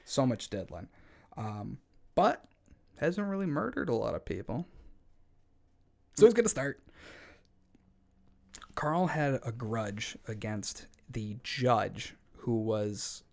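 Male podcast co-host, mid-pitched, casual comedic storyteller with wry asides. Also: animated, takes it slowly, creaky, long pauses.

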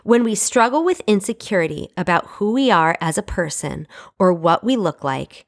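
Young woman doing a chatty bible teaching, lowish voice, lots of ums, sincere. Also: expressive, normal speed. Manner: conversational and earnest, with frequent fillers. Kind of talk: casual devotional teaching.

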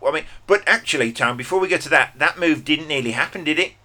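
A man's voice: fairly high pitch, fast, bright, forceful tone. A man hosting a podcast, asking friendly questions with lots of fillers. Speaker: podcast host. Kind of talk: casual interview.

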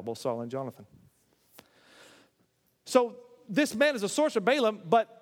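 A man's voice: high-pitched, in a large hall. A man preaching a sermon, retelling a scripture story with acted-out voices and frequent self-corrections. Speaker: pastor.

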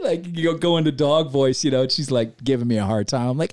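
A man co-hosting a casual podcast, talking in an upbeat, excitable way and laughing often. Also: a little high, fast talker, no room sound, studio quality. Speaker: podcast co-host.

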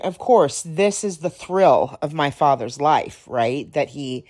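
A woman with a low, deep voice tells stories slowly and casually on her podcast. She rambles a little and sounds slightly hoarse. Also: animated, a little mellow. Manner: rambling, laughs while telling stories. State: slightly hoarse, clearing throat. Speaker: podcast host. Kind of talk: casual storytelling.

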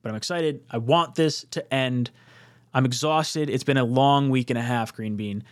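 A young man co-hosting a live sports fan stream, rambling excitedly with frequent laughs and the odd swear word. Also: medium pitch, normal speed. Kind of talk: excitable casual chat.

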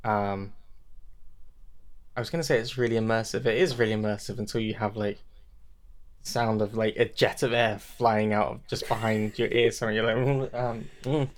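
A man chatting casually as a podcast co-host, rambling and animated, jumping high when quoting his own thoughts. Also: moderate pace. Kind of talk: casual chat.

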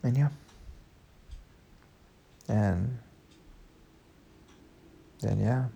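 A man's voice: lowish voice, drawn-out words, creaky, dark tone, a little hiss or hum. A young man hosting a podcast, telling his breakup story candidly and emotionally, swearing often. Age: young adult. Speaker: podcast host. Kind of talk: casual storytelling.

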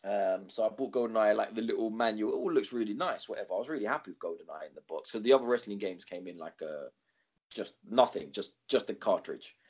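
Chatty male co-host; animated, sweary storyteller with a lively pitch. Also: fast, breathy edge. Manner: rambling, swears freely, animated quoting. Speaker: podcast co-host. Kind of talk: casual storytelling chat.

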